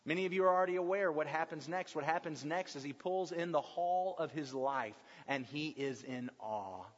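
High-voiced preacher in an echoing church. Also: male voice, normal speed. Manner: emphatic, builds to loud passionate peaks and drops to hushed tones. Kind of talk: sermon. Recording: dull lo-fi sound with long hall reverb.

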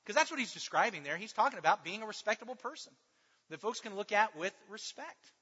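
A man with a high, forceful voice preaches in a church, stressing points and putting questions to his listeners. His voice rings out with a long hall reverb, and the sound is slightly dull. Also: fast talker, breathy edge. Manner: animated, emphatic teaching with rhetorical questions. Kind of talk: sermon.

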